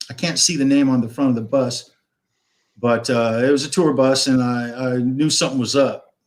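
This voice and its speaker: A man's voice: mid-range voice, steady tone, moderate pace. A man in his fifties, a guest on a live stream, telling a long rock-and-roll story in a rambling way, swearing and acting out the dialogue. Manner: rambling, swears freely, acts out quoted dialogue.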